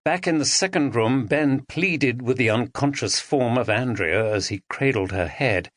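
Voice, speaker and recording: A man narrating an audiobook thriller, expressive and dramatic, on a close studio mic. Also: medium pitch, moderate pace, few pauses, no echo. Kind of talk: scripted narration.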